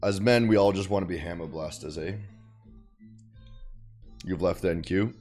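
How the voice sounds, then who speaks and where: Slangy bro-talking man with music behind. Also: moderate pace. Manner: loose and slangy, calls viewers bro and boys; swings from low mumbles to loud bursts. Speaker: trading streamer. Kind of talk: casual live-stream chat.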